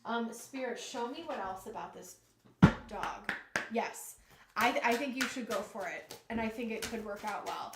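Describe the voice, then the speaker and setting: A woman's voice: on the high side, a little slow, echoey room, very noisy. A woman giving a live-stream tarot reading, chatty and emotional, talking to spirit and to her viewers. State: emotional, nearly crying. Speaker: tarot reader.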